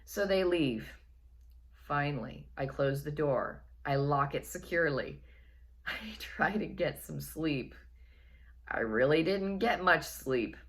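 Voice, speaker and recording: Storytelling vlogger, woman with an unusually low voice, chatty and wry delivery. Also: animated, takes it slowly. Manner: chatty, wry, repeats phrases for effect. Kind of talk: casual personal storytelling.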